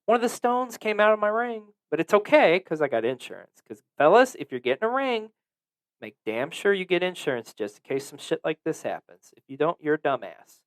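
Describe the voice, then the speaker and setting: Smooth-voiced man telling crude stories. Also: sits high, very animated, brisk. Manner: crude, profane, joking. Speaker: podcast host. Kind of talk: casual storytelling.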